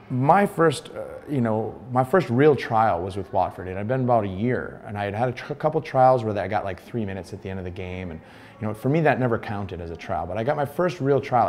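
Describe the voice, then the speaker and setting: A man's voice: fairly low pitch, slight background noise. An American man in his thirties, a former pro soccer player, recounting his story in an interview and acting out the dialogue he quotes. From United States. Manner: animated retelling, acts out quoted dialogue.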